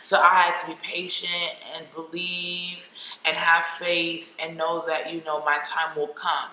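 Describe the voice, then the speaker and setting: A woman's voice: fairly low pitch, completely flat delivery, unhurried, sharp tone. A young adult woman vlogger telling a personal story candidly and emotionally, with lots of "like" fillers. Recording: echoey room with faint noise.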